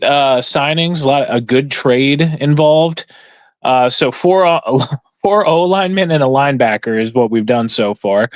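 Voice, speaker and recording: Male sports podcast host, casual and rambling, lots of fillers, mid pitch, dry close sound. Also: no room sound, low-quality recording. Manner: rambling, filler-heavy, opinionated. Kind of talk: casual sports talk commentary.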